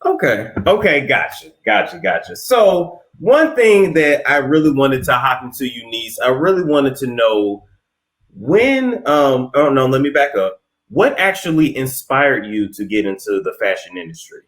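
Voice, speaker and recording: An American man hosting a casual interview, animated and repeating his words. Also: medium pitch, measured pace. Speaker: host.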